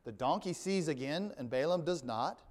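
A male pastor preaches a sermon, reading scripture aloud and then unpacking it verse by verse. His voice sits a little high for a man, and he adds dry, wry asides along the way. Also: lively intonation, normal speed, darkish tone.

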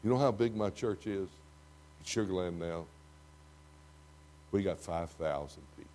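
Dramatic older Texan preacher. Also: male voice, deep voice, measured pace. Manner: dramatic, swinging from loud to hushed. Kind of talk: sermon. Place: church before a congregation.

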